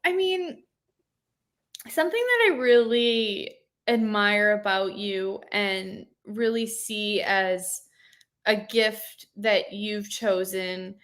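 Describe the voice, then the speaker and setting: A woman hosting a podcast in a casual interview, enthusiastic and affirming toward her guest. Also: mid-range voice. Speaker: podcast host.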